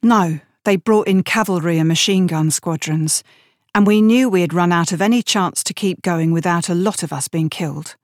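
A woman's voice: lowish voice, normal speed, no room sound, studio quality, lightly acted. A woman voicing a shaken, weary young male private in an audiobook, talking earnestly and with some hesitation.

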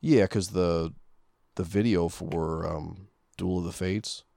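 A man's voice: deep voice, steady tone, slow, vocal fry, mellow, dry recording, clean studio sound. A man co-hosting a casual movie commentary podcast, talking hesitantly with many fillers. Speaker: podcast co-host.

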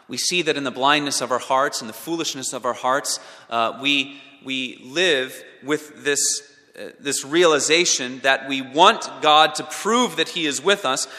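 A male preacher delivering a sermon, swinging from loud emphatic peaks to hushed low passages. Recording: long reverb of a large hall.

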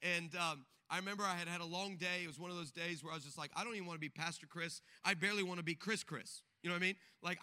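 A man's voice: sits high, pushed and bright. A male pastor preaching a sermon, mixing emphatic exhortation with comic stories where he acts out the voices of the people in them. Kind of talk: sermon with humorous storytelling.

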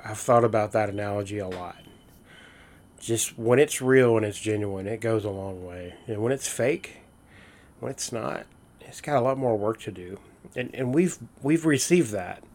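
A man's voice: medium pitch, normal speed. A man in casual, earnest storytelling, using folksy fillers and restarts as he reflects. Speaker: host of a reflective talk.

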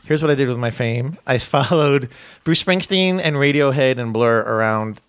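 Chatting casually as a guest, a male comedian rambles through long stories, interrupts himself, and laughs mid-sentence. He has a mid-range, slightly bright, clean voice at normal speed, with no room sound.

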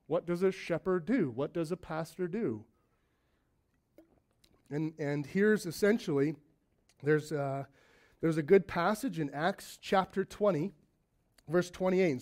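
A man's voice: high-pitched, a little mellow. A man who leads a young church, preaching in a conversational way with joking asides. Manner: conversational, joking asides, acts out quoted voices. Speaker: lead elder of a church plant. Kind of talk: sermon.

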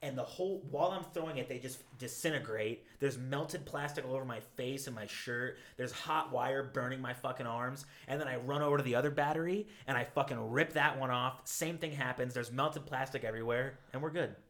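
A man hosting a podcast, telling a story in casual, profane, animated talk. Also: mid-range voice, brisk, hardly any pauses. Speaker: podcast host.

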